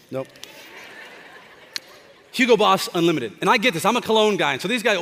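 A pastor in his thirties preaches with an animated, joking, conversational manner, his voice pitched high for a man. The sound carries a long reverb from a large church hall. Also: a little slow, gravelly, long pauses, a little hiss or hum. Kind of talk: sermon.

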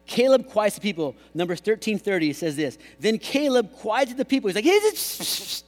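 High-voiced preacher in an echoey hall. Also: male voice, fairly quick. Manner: animated, jokey preaching with mimicked voices. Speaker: pastor. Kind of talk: sermon. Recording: long hall reverb.

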